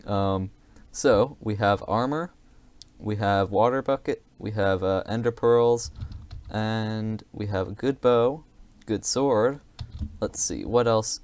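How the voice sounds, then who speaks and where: A man's voice: lowish voice, a little mellow. A man giving casual, rambling gameplay commentary, hesitant and self-deprecating, with many fillers.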